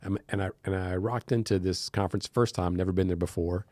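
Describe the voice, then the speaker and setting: An American man, a podcast guest in a studio, telling stories in a lively, animated way and acting out the people he quotes. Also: sits low, fairly quick, no echo. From United States. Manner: animated storyteller, acts out quoted voices. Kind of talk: casual interview chat.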